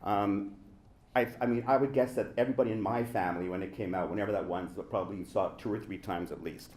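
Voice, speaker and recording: A man's voice: on the low side, fast talker, a little mellow, slight background noise. A man from the Indian subcontinent, an actor, giving a prepared panel speech to a room full of people, reflective and pressing his points with rhetorical questions. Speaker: actor speaking on a festival panel. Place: room with a live audience.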